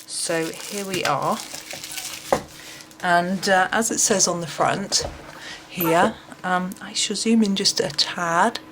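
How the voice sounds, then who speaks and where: Woman, lower voice, casual flip-through review, hesitant fillers. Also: slow pace, long pauses, background noise. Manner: chatty, with frequent ums and uhs. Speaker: craft book reviewer.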